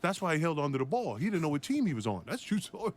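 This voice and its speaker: A middle-aged man, a former basketball player, telling a story with lively acted-out voices. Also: a little high, racing. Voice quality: animated, acts out voices in the story.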